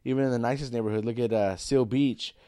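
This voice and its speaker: A man's voice: mid-range voice, fast talker, clear, resonant tone, no room sound, clean studio sound. A man, a pro MMA fighter, telling stories in casual chat and acting out the voices of the people in them. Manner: animated, acts out voices in his stories, swears freely.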